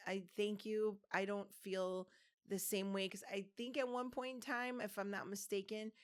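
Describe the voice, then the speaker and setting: In her fifties, this podcast co-host tells a long personal story in casual chat, rambling along with restarts and fillers. Her mid-range voice is smooth, with a level tone and moderate pace.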